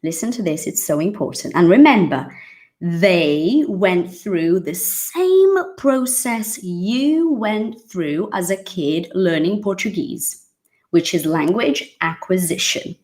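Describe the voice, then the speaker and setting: A woman's voice: fairly low pitch, lively intonation, slow, darkish tone. A woman in her thirties from Brazil, teaching English in a chatty, emphatic monologue and acting out the voices she quotes.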